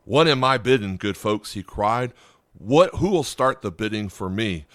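A man's voice: lowish voice, lively intonation, measured pace, fairly bright tone. A man voicing an eager male auctioneer who calls out and repeats bids in a poem he reads aloud.

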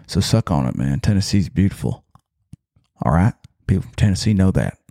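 A man putting on a joking Southern US drawl, teasing and slow. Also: low-pitched, very animated, vocal fry, warm tone, no echo, clean studio sound, heavily acted. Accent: Southern US, put on.

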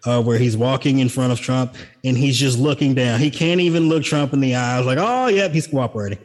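A man co-hosting a podcast in a loose, casual way. He reads out news items and drops sarcastic jokes in between, with a voice of ordinary middle pitch. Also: fairly even intonation, fairly quick, a little mellow. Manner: sarcastic, jokey asides. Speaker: podcast co-host. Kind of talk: casual political chat.

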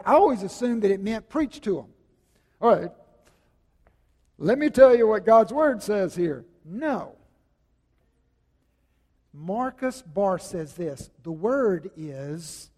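High-voiced male pastor preaching in a hall. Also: darkish tone. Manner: conversational preaching with restarts and emphatic repetition. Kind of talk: sermon. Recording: reverberant hall.

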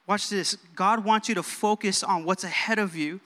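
High, bright-voiced young preacher. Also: male voice, moderate pace. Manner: energetic, calls for amens from the crowd. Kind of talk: sermon. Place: church sanctuary. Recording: reverberant church hall.

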